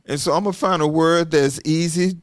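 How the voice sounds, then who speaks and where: A middle-aged man from Arkansas, telling stories in a casual, animated way and acting out bits of dialogue. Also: fairly high pitch, fairly quick, no room sound, clean studio sound. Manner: folksy, animated, acts out dialogue with restarts. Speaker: podcast host and guest speaker. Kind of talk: casual storytelling conversation.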